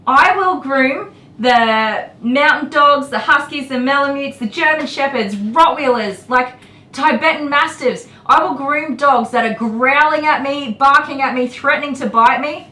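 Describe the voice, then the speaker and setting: A woman's voice: high voice, a little slow, bright, forceful tone, recorded from a distance. A middle-aged Australian woman who grooms dogs, chatting on a livestream in a blunt, exasperated way with mild swearing and frequent laughter. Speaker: dog groomer streaming live. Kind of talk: casual livestream chat. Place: grooming salon. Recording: echoey room, voice from off-mic.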